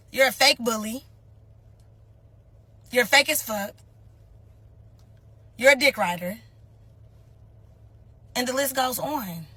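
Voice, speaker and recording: A woman's voice: fairly high pitch, pushed and bright, breathy edge, no room sound. A woman in mocking someone with a string of profane insults. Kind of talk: heated clapback rant.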